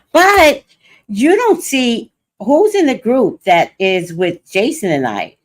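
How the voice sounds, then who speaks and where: An older woman hosting a livestream, telling a personal story in casual chat and acting out what others said. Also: lowish voice. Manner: animated storytelling, quoting others. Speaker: host.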